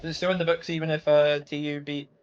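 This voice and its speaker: A man co-hosting a live esports stream, chatting casually and trading quick questions about standings. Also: a little high, little pitch movement, muffled recording, slight background noise. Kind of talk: casual live commentary chat.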